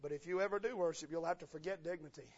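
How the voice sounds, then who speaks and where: A male pastor preaching a fervent sermon, swinging between quiet asides and loud shouts, recorded in dull lo-fi sound. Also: fairly high pitch, rapid-fire.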